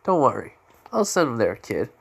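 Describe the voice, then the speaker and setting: An offhand male god of alchemy from a homemade fan story, speaking casually and calling the boy kid in a mid-pitched voice, as a man narrating puts him on. He sounds like an everyday man barely changing his voice. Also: big pitch swings, normal speed, gravelly, husky, heavily acted.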